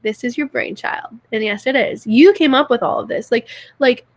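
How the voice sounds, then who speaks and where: A woman's voice: fairly high pitch, moderate pace, dry recording. A young woman co-hosting a podcast, talking earnestly in a rambling way, repeating words and restarting as she goes. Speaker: podcast co-host. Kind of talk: heartfelt casual chat.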